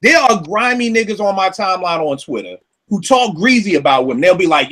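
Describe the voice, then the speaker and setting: A man hosting a casual talk show, ranting in an animated, profane, incredulous storytelling way. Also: sits high, a little fast. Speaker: podcast host. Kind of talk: casual comedic rant.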